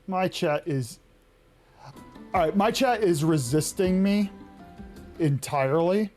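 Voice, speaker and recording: A woman's voice: fairly low pitch, animated, takes it slowly, a little mellow, faint music behind. A young woman streaming a game, chatting casually with viewers, laughing often and swearing now and then. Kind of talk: casual live-stream chat.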